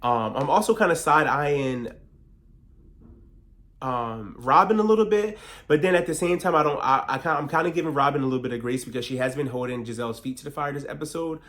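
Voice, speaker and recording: Guy doing a reality show recap, kinda high voice, slangy and animated, acts out the cast. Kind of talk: casual recap commentary.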